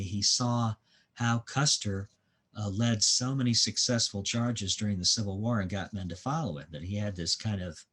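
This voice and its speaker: A man giving a museum history lecture as a guest historian and author. He tells the story at an unhurried pace and fills his pauses with frequent "uh"s. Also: lowish voice, a little hiss or hum.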